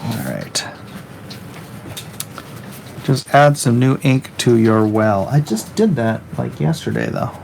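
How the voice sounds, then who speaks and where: A middle-aged man with a gravelly, creaky voice talks at an unhurried, drawn-out pace. He rambles and cracks jokes while drawing on a livestream, reading viewer comments aloud. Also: mid-range voice, darkish tone, a little hiss or hum. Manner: rambling, jokey, reads viewer chat aloud. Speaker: comic artist streaming his work.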